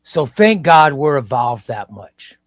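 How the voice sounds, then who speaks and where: A man in his fifties hosting a casual live stream, talking slowly and reflectively and often repeating his phrases. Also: mid-range voice, very animated, no echo, clean studio sound. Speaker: livestream host. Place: home room.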